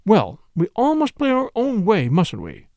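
A man voicing a placid, mild-mannered unmarried woman who speaks soothingly but stays quietly stubborn. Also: high-pitched, huge pitch swings, measured pace, no echo, studio quality, pitched above the performer's own voice, heavily acted.

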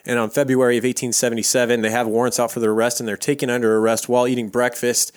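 A male podcast host in the middle of a loose, rambling retelling, dropping swears and filler words as he goes. His voice sits at an ordinary pitch for a man. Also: little pitch movement, rapid-fire. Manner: rambling storytelling with profanity and laughs. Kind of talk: casual history podcast chat.

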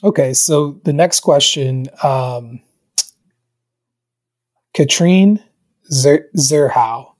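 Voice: medium pitch, very slow, long pauses, a little mellow. A co-host in casual chat, reading out listener questions and hesitating with fillers.

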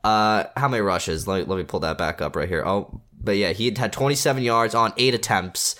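A man's voice: fairly low pitch, a little fast, a bit bright. A man appearing as a podcast's joking weatherman, giving a playful mock forecast and sports trivia. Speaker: guest weatherman. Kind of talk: casual podcast chat.

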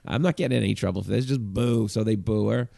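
A male comedian telling a story on a podcast, animated and acting out the people in it. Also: on the low side, fast, vocal fry, no room sound, clean studio sound.

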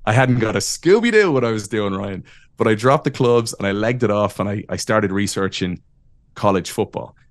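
Animated Irish man telling stories. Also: lowish voice, moderate pace, no room sound. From Ireland. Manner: animated, self-deprecating, laughs often. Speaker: podcast guest, wrestling announcer. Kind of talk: casual interview storytelling.

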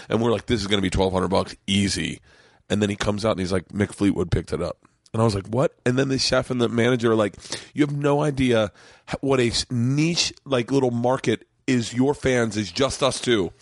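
A man's voice: mid-range voice, brisk, no echo, studio quality. A man hosting a podcast, telling stories in casual chat, laughing often and swearing freely. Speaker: podcast host. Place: home studio mancave.

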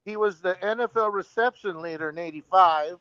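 A man's voice: high-pitched, brisk, a bit bright, clean tone, muffled recording. A man calling in to a sports talk show, eagerly rattling off player statistics in casual chat. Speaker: caller.

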